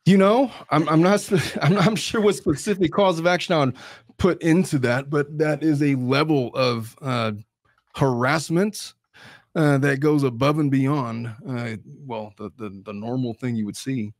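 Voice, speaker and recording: A man's voice: medium pitch, unhurried, no echo, studio quality. A man co-hosting a podcast as a lawyer, chatting casually, laughing often and stumbling over repeated words. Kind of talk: casual chat.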